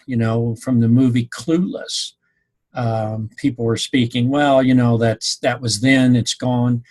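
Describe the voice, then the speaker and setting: In a mid-range voice with a breathy edge, a Missouri-born instructor rambles through an informal class talk for his students. He keeps it conversational and says um a lot.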